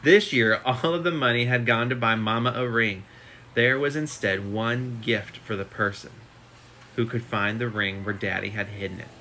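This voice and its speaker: A man's voice: mid-range voice, moderate pace, pushed and bright, slight background noise. A man casually reading a book aloud at home for a live stream, adding chatty asides between passages. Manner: reads steadily with chatty asides. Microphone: phone.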